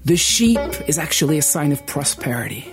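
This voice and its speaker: A man voicing a wise, stern old snake in a told story, speaking in a measured, reproachful way. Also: fairly high pitch, very animated, over music. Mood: calm advice.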